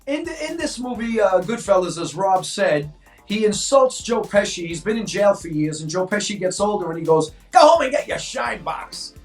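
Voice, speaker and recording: A man in his sixties from New York, a co-host telling stories in an animated way and acting out voices in casual chat. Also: sits high, moderate pace, soft background music. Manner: animated, acts out quoted voices. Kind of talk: casual storytelling. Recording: echoey room, mic at a distance.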